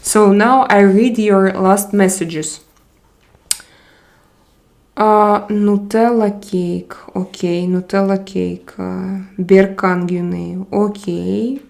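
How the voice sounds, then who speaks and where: Slow, hesitant woman streamer. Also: medium pitch, fairly even intonation, creaky, a little mellow. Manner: hesitant, searching for words with many pauses. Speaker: livestream host. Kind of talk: casual livestream chat, reading comments aloud.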